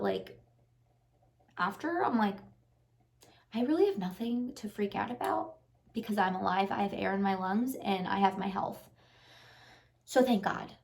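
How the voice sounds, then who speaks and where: A woman's voice: medium pitch, vocal fry. A woman vlogger giving a casual, earnest motivational talk to the camera, repeating her encouragements with lots of "like" fillers. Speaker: lifestyle vlogger and life coach.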